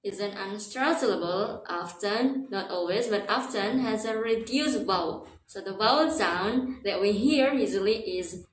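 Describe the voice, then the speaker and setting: A woman's voice: medium pitch, unhurried, hardly any pauses. A young woman from Indonesia, giving a pronunciation lesson as a student presenter and stretching out the example words carefully. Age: young adult. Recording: echoey room, faint background noise.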